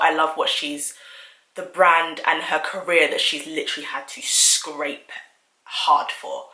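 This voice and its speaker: A woman's voice: low-pitched, bright, forceful tone, echoey room. A young woman, talking to camera in a chatty, opinionated vlog. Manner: chatty, opinionated, quick asides. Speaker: vlogger. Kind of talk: casual talking-to-camera commentary.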